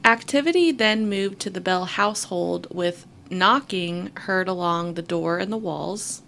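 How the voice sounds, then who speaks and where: A woman's voice: fairly low pitch, unhurried, vocal fry, slight background noise. A woman co-host reading a story aloud, breaking off now and then for wry asides. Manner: reads at an even pace with wry asides. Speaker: podcast co-host. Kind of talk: reading a story aloud between casual chat.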